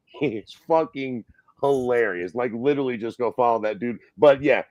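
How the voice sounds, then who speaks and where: A man's voice: medium pitch, normal speed, a little mellow, no echo, highs cut off. Profane, ranting man on a dry mic. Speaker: podcast host. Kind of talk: casual chat.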